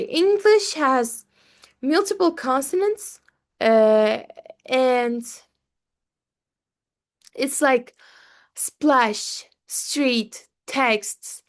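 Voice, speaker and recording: Young woman doing a class presentation, high voice, careful and slow, lots of uhs. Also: very animated. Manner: careful, with many fillers and pauses. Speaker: student presenter.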